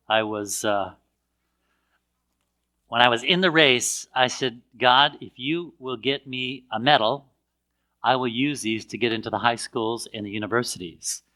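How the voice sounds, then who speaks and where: Older man, bright voice, animated storyteller who mimics others. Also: mid-range voice. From United States. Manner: animated, acts out voices of others in his anecdotes. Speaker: speaker telling a personal story. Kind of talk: casual storytelling talk.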